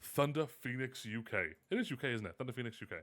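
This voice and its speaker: A man hosting a casual live stream, animated and self-mocking, often laughing. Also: medium pitch, fast talker. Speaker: host.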